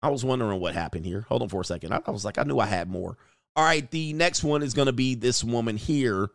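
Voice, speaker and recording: Male host, casual slang-heavy reaction commentary, mid pitch, clean dry sound. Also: fast talker, creaky, no room sound. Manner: joking, animated, laughs often, slang-heavy.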